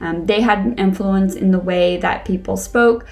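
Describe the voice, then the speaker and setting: A woman's voice: mid-range voice, fairly even intonation, moderate pace, vocal fry. A young adult woman with a Western New England accent gives a casual, explanatory English lesson, thinking aloud with frequent ums. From Connecticut, USA. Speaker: English teacher.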